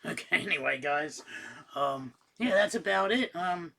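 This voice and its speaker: A man casually reviewing the games he finished, swearing freely and getting worked up in rants. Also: high-pitched. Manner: casual, profane, excitable rants. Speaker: gaming YouTuber. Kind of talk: casual game roundup.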